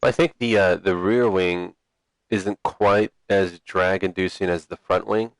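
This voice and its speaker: A man with a fairly low voice calls an online sim racing event. He keeps things relaxed and chatty, ribbing his co-host as he runs through the grid. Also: measured pace, no echo. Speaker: race commentator.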